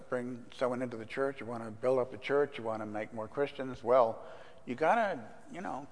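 An older man gives a conversational sermon, mixing stories with scripture in an everyday, mid-pitched voice. His words echo with a long church reverb. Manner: conversational, anecdotal, with fillers. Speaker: pastor.

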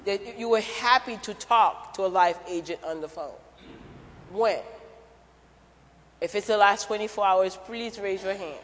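A man's voice: high-pitched, measured pace, long pauses, a bit bright. A man preaching a sermon in a church, conversational and jokey, asking the congregation questions. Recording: church hall reverb.

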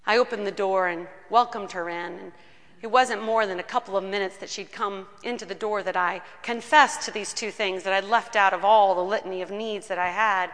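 Bright-voiced woman pastor preaching. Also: medium pitch, fairly even intonation, brisk, in a large hall. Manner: storytelling, personal and earnest. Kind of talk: sermon. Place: church.

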